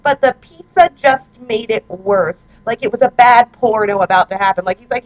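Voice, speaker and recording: A woman's voice: medium pitch, normal speed, dull audio. A woman in her twenties, a vlogger chatting casually and self-mockingly at home, reading out her own posts into a handheld recorder. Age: 20s. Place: her apartment, indoors.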